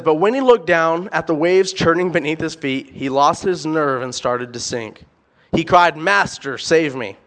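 Young man, preacher, high voice, emphatic, rhetorical questions, sermon. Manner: animated, emphatic, repeats words, asks rhetorical questions.

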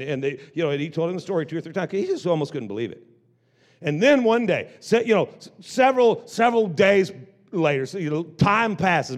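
A male pastor preaching a revival sermon as a story, in casual slang with many stammered restarts. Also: fairly high pitch. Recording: long reverb of a large room.

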